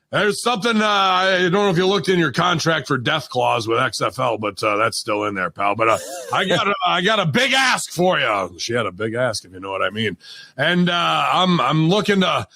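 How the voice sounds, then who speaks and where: Guy doing a gravelly loud old wrestling boss, swearing, swings all over, bright sharp voice, dry room. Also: on the high side, sing-song, moderate pace, no room sound, heavily acted. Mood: blustering. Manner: growling, profane, rambling, calls everyone pal. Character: gruff blustering old wrestling boss parody. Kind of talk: comedic improv impression.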